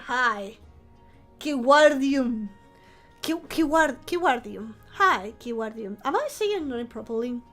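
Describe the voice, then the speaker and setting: High-pitched woman streaming, talking soft cuz she's getting over the flu, a bit of music in the back. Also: animated, slow pace. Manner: soft-spoken, playful, chatty. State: recovering from flu, coughing. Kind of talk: casual live-stream chat.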